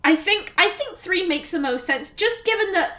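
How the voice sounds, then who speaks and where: A northern English woman commenting on her gameplay, chatty and thinking aloud as she goes. Her voice sits high, and she trips over herself and restarts. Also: animated, normal speed, bright, forceful tone. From Northern England. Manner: chatty, musing aloud, self-correcting. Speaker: let's play host.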